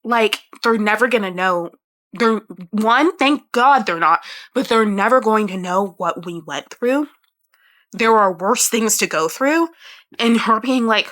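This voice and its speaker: A woman speaks to camera in a bright, crisp voice, at a middle pitch for a woman. She rambles with feeling, restarts her thoughts and drops the odd curse. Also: unhurried. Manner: emotional, swearing, rambling with restarts. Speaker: book reviewer. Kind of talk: casual chat.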